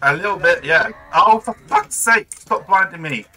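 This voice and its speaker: A man's voice: sits high, expressive, normal speed, pushed and bright. A man hosting a game night, swearing and joking with friends. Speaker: gaming host. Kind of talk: casual gaming chat with friends.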